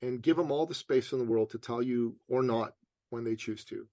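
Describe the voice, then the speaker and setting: A man's voice: medium pitch, normal speed, dry recording. A man being interviewed as a motivational coach, telling stories casually and acting out what people said. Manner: animated storyteller, acts out quotes.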